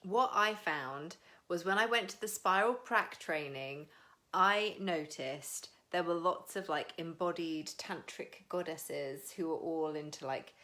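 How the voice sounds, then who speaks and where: A British woman hosts a casual live stream in a low, bright voice with a forceful edge. She chats frankly and swears freely, calling out viewers by name as she goes. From Britain.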